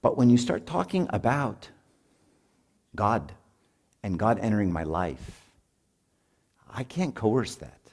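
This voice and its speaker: A man's voice: on the low side, big pitch swings, slow pace, long pauses, darkish tone. Informal, conversational man preaching to parents. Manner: informal, peppered with "right?", acts out parents and kids. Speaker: speaker at a marriage retreat.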